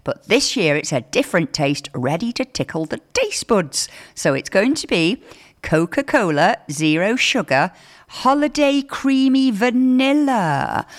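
A woman hosting a radio show in casual chat, reading out listener messages with chatty, lively emphasis. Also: fairly low pitch. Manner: chatty, reads texts aloud with lively emphasis. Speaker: radio host.

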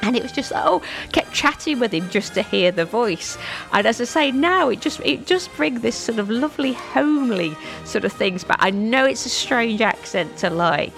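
Chatty, gravelly-voiced woman presenter. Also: on the high side, expressive, moderate pace, a bit bright, faint music behind. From England. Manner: nostalgic, chatty, laughs easily. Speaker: radio presenter.

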